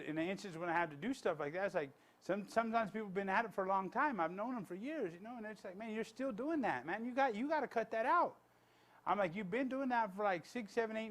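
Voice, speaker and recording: A man's voice: high voice, fairly bright tone. A man, a pastor, giving a blunt, conversational sermon with many restarts and asides.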